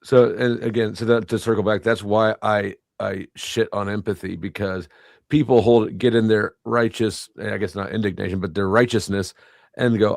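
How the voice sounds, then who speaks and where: Brief: man panelist, low voice, dry close sound, blunt and rambling. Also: fairly even intonation, normal speed, gravelly, no room sound. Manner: blunt, profane, rambling restarts. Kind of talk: casual panel chat.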